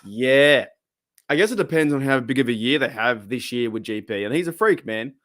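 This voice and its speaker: A man's voice: medium pitch, lively intonation, moderate pace, a bit bright, no echo. A man with an Australian accent hosting a casual live stream, rambling and chatty, reading out chat and laughing often.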